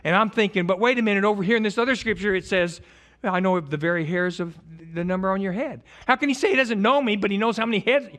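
A middle-aged pastor preaching in a rather high voice. He jokes, stumbles into restarts and swings between loud bursts and soft asides as he rambles through his sermon. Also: fast. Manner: joking, animated, rambling with many restarts.

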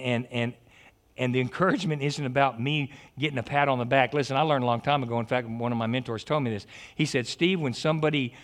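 A man preaching a lively sermon, joking, stammering and restarting his sentences. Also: mid-range voice. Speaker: pastor.

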